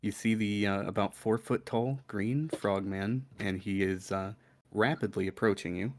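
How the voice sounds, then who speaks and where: A man running a tabletop role-playing game as dungeon master, laid-back and halting, with many fillers. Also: lowish voice.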